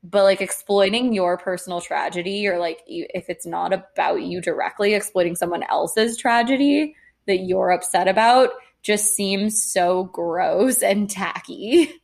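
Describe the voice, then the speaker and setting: A woman's voice: medium pitch, a little slow, creaky. A young woman co-hosting a casual podcast. She talks bluntly and indignantly, swearing freely as she makes her point. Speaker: podcast co-host. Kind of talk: casual chat.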